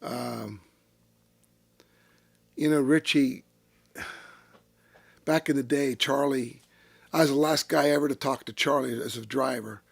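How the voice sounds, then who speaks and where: A man's voice: mid-range voice, measured pace, gravelly, long pauses, breathy edge, no room sound. An older man, telling salty, profane racing stories in a casual interview. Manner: salty, profane, animated storyteller. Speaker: retired race car driver, interview guest. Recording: dry close-miked studio sound.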